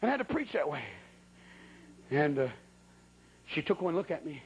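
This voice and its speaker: A man's voice: on the high side, sing-song, moderate pace, lo-fi sound, slight background noise. A man preaching a sermon who tells a funny story about his own misfortunes in a folksy, colloquial way with sudden exclamations.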